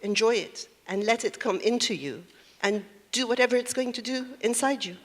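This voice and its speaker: A woman's voice: fairly high pitch, normal speed. A woman speaking as a panelist in a panel discussion, thinking aloud and posing questions. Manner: reflective, poses questions.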